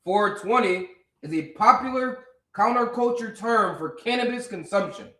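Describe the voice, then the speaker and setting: A man's voice: high voice, expressive, moderate pace, bright, forceful tone, echoey room. A man assisting in a livestreamed scripture class, answering with short, eager agreeing replies. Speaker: class member assisting the teacher. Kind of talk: brief affirmations in a livestreamed lesson.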